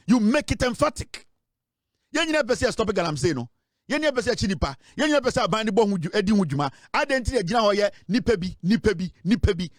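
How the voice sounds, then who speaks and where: A man with a Ghanaian accent delivers heated political commentary in a high, strained voice. He scolds and insists, hammering his points. The sound is dry and close, with no room echo. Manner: forceful and scolding, switching between English and Twi.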